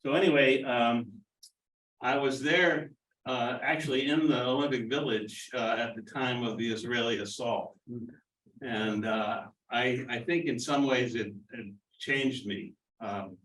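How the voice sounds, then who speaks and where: A man in his seventies telling a story at a college reunion, measured and hesitant. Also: mid-range voice, a bit bright. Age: 70s. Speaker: reunion alumnus. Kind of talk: casual storytelling. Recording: roomy hall, distant mic.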